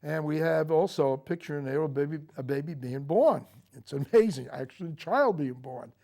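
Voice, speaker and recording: An older man, a Marine veteran, recounting his memories in a TV interview, speaking haltingly with frequent fillers and restarts. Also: on the high side, creaky, dark tone. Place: local TV studio.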